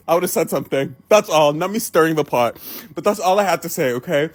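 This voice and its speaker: A woman's voice: low voice, expressive, fast talker. A woman telling a storytime vlog, acting out both sides of a phone call.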